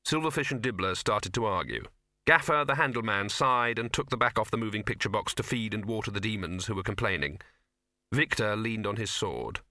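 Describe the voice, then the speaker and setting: A man narrating a comic fantasy novel as an audiobook reader, telling it with lively expression. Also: on the low side, a little fast, dry recording, clean studio sound.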